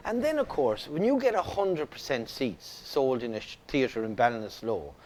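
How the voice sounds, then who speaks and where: Animated Irish male storyteller. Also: medium pitch, moderate pace. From Ireland. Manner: animated storyteller, many restarts. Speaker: guest actor. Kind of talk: casual interview chat.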